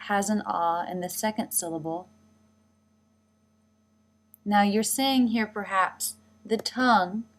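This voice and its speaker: A woman narrating a pronunciation lesson, speaking carefully and demonstrating each sound. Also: medium pitch. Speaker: pronunciation teacher. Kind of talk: scripted instructional narration.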